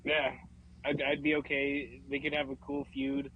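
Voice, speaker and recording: A man chatting casually on a wrestling podcast, relaxed and a little hesitant as he weighs his opinions. A faint hiss sits under his voice. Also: medium pitch, normal speed, phone-quality sound. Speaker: podcast co-host.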